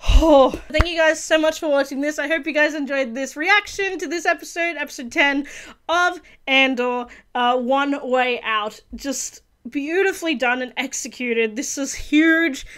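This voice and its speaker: A woman's voice: high-pitched, a little slow, fairly bright tone. A woman hosting a casual video reaction review, talking earnestly and gushingly with many restarts and fillers. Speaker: reaction channel host.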